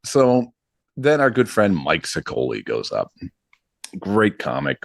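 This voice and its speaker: A man's voice: low-pitched, slow, gravelly, no room sound, clean studio sound. A man in his thirties, a podcast host, telling a long story in casual chat with lots of "like" and "um" and acted-out quotes. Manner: animated, acts out quotes, frequent ums and likes. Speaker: podcast host and comedy show MC.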